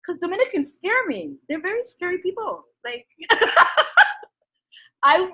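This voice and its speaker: A woman telling stories in animated casual chat, laughing often and swinging between loud outbursts and soft asides. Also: extremely high pitch, a little slow.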